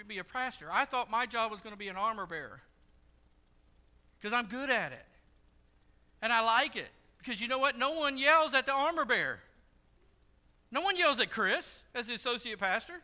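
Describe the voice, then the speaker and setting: A pastor giving a sermon in a church, telling stories in a conversational, joking way. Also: male voice, very high-pitched, pushed and bright, clear, resonant tone. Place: church sanctuary. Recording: long hall reverb.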